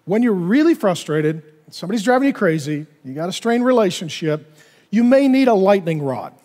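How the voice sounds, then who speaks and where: A male pastor preaching a sermon in an animated way, acting out little dialogues in other voices. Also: sits high, fairly quick, long reverb tail.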